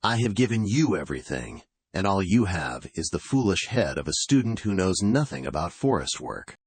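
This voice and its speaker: A man's voice: sits low, very animated, normal speed, husky, no room sound, full character voice. A man voicing a scolding, exasperated father who works in the forest, in a storybook reading. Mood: angry. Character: scolding older father, woodcutter, quick-tempered.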